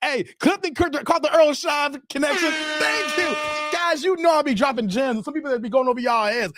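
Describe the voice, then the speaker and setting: A man's voice: very high-pitched, a little fast, heavy background noise. A middle-aged man hosting a livestream, reading chat comments and joking loosely with viewers.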